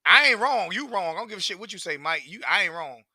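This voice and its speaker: A man's voice: high-pitched, animated, quick pace, bright, forceful tone, breathy edge, dry recording, studio quality. A man, ranting profanely and repetitively as a sports fan commentator. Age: 40s.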